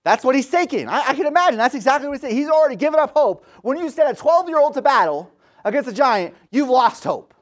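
A man's voice: very high-pitched, very animated, quick pace. A man in his thirties preaching a sermon, telling stories in a conversational way and retelling scripture in casual slang. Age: 30s.

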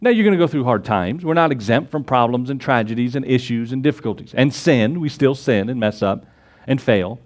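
Fairly quick and expressive, this pastor preaches with scripture quotes and rhetorical questions. His voice rises to loud, emphatic exclamations and drops into low, conversational asides.

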